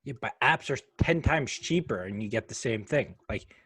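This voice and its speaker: A young man co-hosting a casual podcast, quick to argue his point. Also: medium pitch, expressive, a bit bright, breathy edge, no echo. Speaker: podcast co-host. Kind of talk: casual chat.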